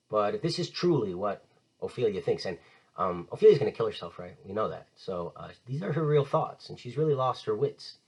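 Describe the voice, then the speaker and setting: A husky-voiced man gives an animated literature lecture, his pitch rising and falling freely. He is enthusiastic and conversational, paraphrasing old verse in everyday slang. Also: low-quality recording. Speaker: teacher.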